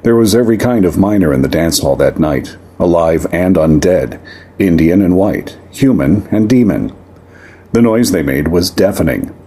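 A man narrating a fantasy western story in a measured, expressive storytelling manner. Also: low-pitched, husky.

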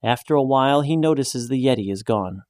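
Man, story narrator, measured delivery, mid-pitched voice, dry close-miked sound. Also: no echo. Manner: even, measured storytelling, lifting his pitch for the woman's lines.

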